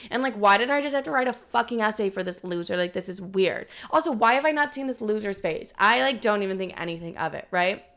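A young woman tells a story to her viewers in a loose, chatty vlog voice. She swears often and fills her sentences with "like." Her pitch sits in a middle range. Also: animated, quick pace, few pauses, a bit bright. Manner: chatty, swears freely, leans heavily on "like". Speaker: vlogger.

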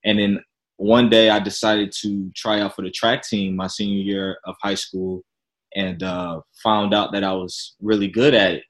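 A young man from Chicago, a podcast guest, telling his story in a relaxed, chatty, self-deprecating way. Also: fairly low pitch, normal speed, rough recording. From Chicago, Illinois. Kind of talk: casual interview storytelling.

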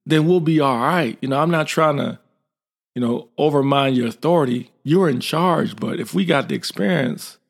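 A man's voice: fairly high pitch, moderate pace, creaky. A man acting out the words of an earnest, experienced male army staff sergeant who gives urgent, respectful advice to his superior. It is a spoken quote within a story.

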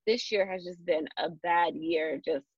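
A low, steady voice with a breathy edge belongs to a young woman hosting an informal podcast chat at a measured pace. She wanders through her points with lots of fillers and restarts, laughing often. The recording is dry, dull and lo-fi.

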